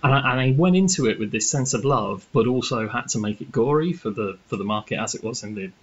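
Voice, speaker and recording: Husky man, enthusiastic film chat. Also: mid-range voice, lively intonation, quick pace. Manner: enthusiastic, rambling with fillers. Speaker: podcast co-host. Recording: muffled lo-fi recording.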